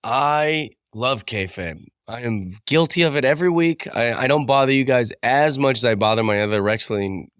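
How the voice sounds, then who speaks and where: A man's voice: medium pitch, normal speed, few pauses, a bit bright, clean tone, dry recording, studio quality. A young adult man co-hosting a podcast, laid-back and self-deprecating, rambling as he talks. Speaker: podcast co-host. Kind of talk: casual podcast chat.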